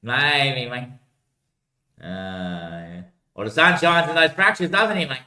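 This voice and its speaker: A man's voice: mid-range voice, animated, takes it slowly, sharp tone. A man rambling in casual livestream chat, slangy and swearing often, calling everyone mate, recorded on a laptop mic at home. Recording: echoey room.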